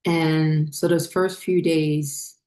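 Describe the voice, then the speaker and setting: A woman telling a personal story in a rambling, halting way, full of fillers and restarts, as a spiritual vlogger. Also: low voice, little pitch movement, a little mellow.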